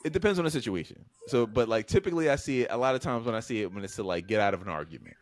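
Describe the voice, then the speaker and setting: A young man, hosting a podcast and telling stories in an animated way, full of fillers, swearing and acted-out voices. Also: fairly low pitch, very fast, background noise. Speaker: podcast co-host. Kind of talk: casual storytelling chat. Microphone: podcast microphone.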